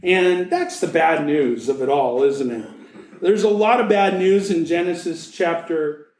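High-voiced pastor preaching slowly, roomy sound. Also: male voice, darkish tone. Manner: reads scripture then jokes and acts out scenes with playful asides. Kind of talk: sermon.

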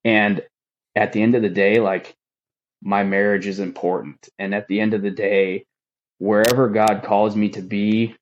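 A male firefighter appearing as a podcast guest speaks in a lowish voice with flat delivery and moderate pacing. Earnest and emotional, he rambles through his personal story using many fillers, though the recording sounds muffled.

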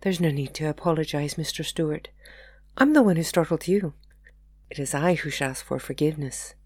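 A composed, gentle young mother speaks with proper period politeness, as a woman reads her part. The voice sits close and dry, with no room sound. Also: low-pitched, animated, fairly quick, husky, dry recording. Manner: formal, polite period speech.

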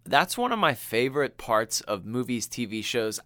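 A man co-hosting a casual podcast chat, animated and often laughing, acting out the people he tells about. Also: on the low side, normal speed, no echo. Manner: animated, laughing, acts out quoted voices. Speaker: podcast co-host.

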